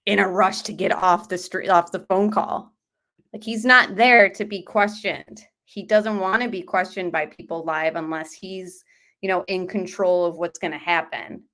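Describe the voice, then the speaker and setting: Lady streamer rambling thru true crime stuff, kinda low voice, lots of ums and likes. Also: a bit bright. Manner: rambling, many fillers and hedges. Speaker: true crime livestream host. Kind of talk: casual livestream commentary.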